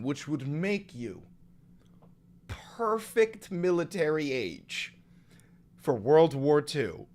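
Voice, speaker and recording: A man hosting a comedic reaction video, reading aloud and reacting with loud, sarcastic, swearing outbursts. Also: fairly high pitch, big pitch swings, drawn-out words, pauses often. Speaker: commentary video host.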